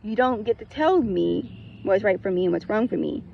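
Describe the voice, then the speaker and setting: A woman's voice: medium pitch, expressive, moderate pace, creaky, dull audio, slight background noise. A woman in a casual spiritual talk, blunt and emphatic, who swears, repeats her points and keeps breaking into laughter. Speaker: spiritual content creator.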